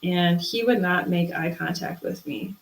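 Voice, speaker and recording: A woman's voice: lowish voice, a little slow, reverberant, low-quality recording. A woman, an interview guest, telling a personal story in casual chat and acting out the voices she quotes. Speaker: interview guest, spiritual medium.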